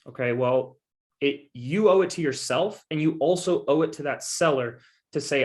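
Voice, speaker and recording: This real estate investing guest speaker has a slightly high voice and keeps a moderate pace. In his coaching presentation he talks casually and persuasively with emphasis, often repeating assurances and speaking to the audience as "guys."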